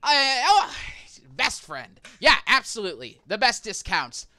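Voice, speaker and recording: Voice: mid-range voice, big pitch swings, a little slow, pitched above the performer's own voice. A game master voicing an eager, fawning male merchant who talks to his customers like old friends. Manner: overly friendly, loud, salesy. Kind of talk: voicing a character in a tabletop game.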